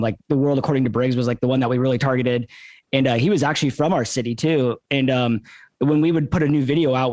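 A man's voice: medium pitch, darkish tone, dry recording. A man co-hosting a podcast in casual talk, using many fillers like "uh" and "um". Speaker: podcast co-host.

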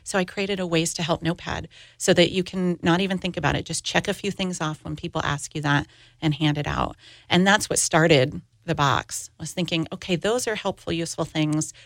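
A woman's voice: lowish voice, steady tone, fairly quick, fairly bright tone, no echo, clean studio sound. A middle-aged woman and grief coach, telling her own story candidly as a guest on an interview podcast.

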